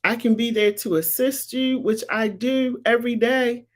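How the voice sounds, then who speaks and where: Hosting a live-streamed show where she answers viewers, a female talk show host in her 50s drives her points home through emphatic repetition. Her voice is on the high side with a steady tone and a moderate pace.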